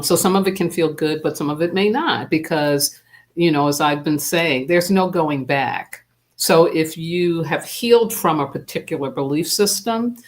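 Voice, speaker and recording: Speaking in a mid-range voice, a spiritual teacher leads a live stream in a relaxed, unhurried manner, pausing often, using fillers, and welcoming viewers by name.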